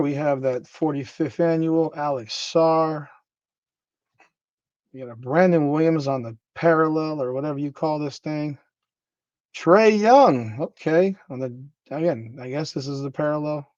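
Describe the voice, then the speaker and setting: A man of middle pitch talks in a casual, offhand way, listing names in quick runs while opening cards. The sound is dry and slightly dull, with no room echo. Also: a little mellow. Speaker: card-breaking host. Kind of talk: casual card-opening commentary.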